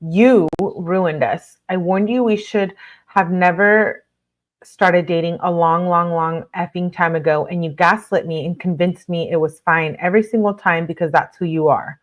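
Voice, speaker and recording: A woman with a lowish voice, fairly even intonation, and moderate pace hosts a casual livestream where she reads court documents aloud. She keeps stopping to react with blunt outrage, using lots of filler words.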